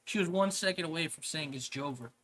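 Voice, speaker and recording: A woman's voice: deep voice, fast talker. Casual, swearing woman streamer. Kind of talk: reading game dialogue aloud on stream. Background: game music.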